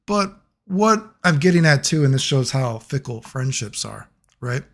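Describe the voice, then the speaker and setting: A man telling a long personal story in a casual monologue, rambling and profane, getting animated when he quotes other people. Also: medium pitch, unhurried. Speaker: video creator.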